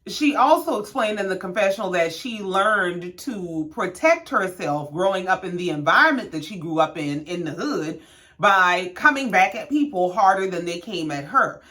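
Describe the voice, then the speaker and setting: A woman's voice: fairly low pitch, moderate pace. A woman in her thirties, a sassy, slangy host recapping a reality show in casual commentary. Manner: sassy, slangy, animated storytelling.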